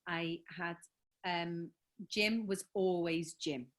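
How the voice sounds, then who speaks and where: A woman's voice: lowish voice, fairly even intonation, slow. A woman with a Liverpool accent, chatting enthusiastically as a guest author on a video call, with lots of fillers. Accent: Liverpool (Scouse). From Liverpool, England. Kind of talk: casual interview chat.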